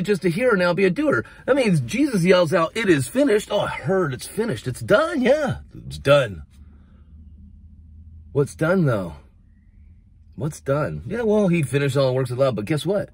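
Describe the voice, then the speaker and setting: An American man preaches into a close mic, his husky voice swinging high and low as he gets worked up and mocks the voices he quotes. The room is dry, with no echo. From United States. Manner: animated, rising to near-shouting in emphatic passages, mocking quoted voices. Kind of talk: casual video sermon.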